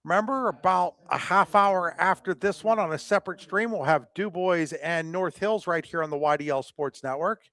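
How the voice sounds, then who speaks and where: A man doing live softball play-by-play commentary, chatty between pitches and rising in excitement on the plays. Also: normal speed, few pauses, dry recording.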